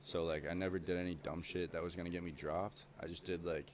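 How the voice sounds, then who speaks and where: Young male podcast guest, low-pitched, loose and profane storyteller. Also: flat delivery, fast talker, slight background noise. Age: young adult. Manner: swears constantly, rambling with many fillers. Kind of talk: casual chat.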